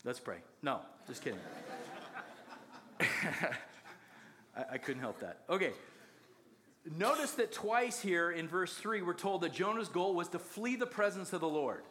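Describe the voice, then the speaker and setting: A man's voice: sits high, very animated, unhurried, long pauses, bright, forceful tone, slight background noise. A man preaching a sermon, telling the story with jokes and acted-out quotes. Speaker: pastor.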